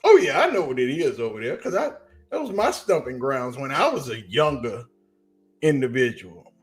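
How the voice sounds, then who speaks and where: A man with a Southern US accent giving a casual, animated sports commentary on a livestream, telling stories in slang. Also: medium pitch, moderate pace, soft background music.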